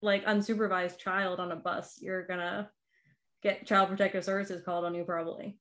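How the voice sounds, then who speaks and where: A woman's voice: fairly low pitch, level tone, moderate pace, a bit bright. A woman in her thirties from the Boston area talks in a loose, chatty way. She leans on "like" fillers and laughs often as she talks. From Boston area, Massachusetts. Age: 30s. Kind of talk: casual chat.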